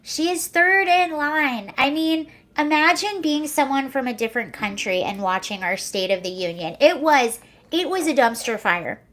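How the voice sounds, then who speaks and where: A woman's voice: high-pitched, expressive, normal speed, fairly bright tone. A young woman hosting a casual livestream, chatting sarcastically, laughing often and answering viewer comments. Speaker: livestream host.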